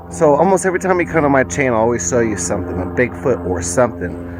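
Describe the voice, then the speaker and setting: A man's voice: mid-range voice, big pitch swings, fast talker, slight background noise. A man vlogging while walking through the woods, rambling and musing as he points things out. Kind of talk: casual outdoor vlog. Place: woods outdoors.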